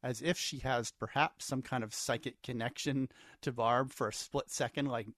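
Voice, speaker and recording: A man's voice: mid-range voice, steady tone, moderate pace, fairly bright tone, no echo, studio quality. A man co-hosting a podcast, chatting casually about a TV episode in an easygoing, agreeable way and building on his partner's points. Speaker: podcast co-host. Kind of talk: casual TV recap chat.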